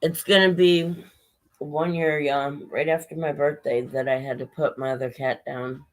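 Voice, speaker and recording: A woman's voice: deep voice, fairly even intonation, normal speed, poor audio. A woman chatting casually on a livestream, rambling and swearing a little as she greets viewers by name, her voice strained and short of breath.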